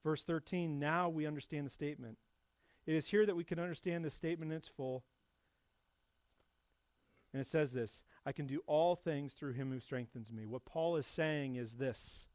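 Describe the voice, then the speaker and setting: A male pastor delivering a sermon with a fairly high voice. He swells into loud, emphatic stretches and then sinks into quiet, low reflection. The sound is close and dry. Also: moderate pace, dry recording. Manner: builds to loud emphatic preaching, then drops soft and low.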